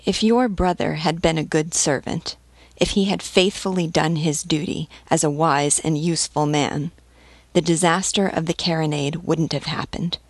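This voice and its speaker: A woman gives voice to an aging nobleman in a spoken novel. He is serene and commanding, pressing his point in a calm, measured way. The voice sits low and sounds close and dry. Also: no room sound. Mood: persuasive. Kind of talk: audiobook reading.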